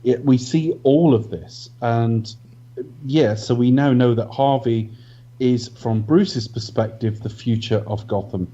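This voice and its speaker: A man co-hosting a film review podcast, talking in a measured, analytical way. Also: medium pitch, warm tone. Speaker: podcast co-host. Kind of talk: casual film review chat. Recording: dull lo-fi audio.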